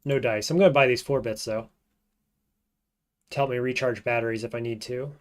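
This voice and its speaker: Man, gameplay commentary, thinking aloud, muttering, trails off quietly. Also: mid-range voice, fairly even intonation, brisk. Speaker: streamer playing a roguelike.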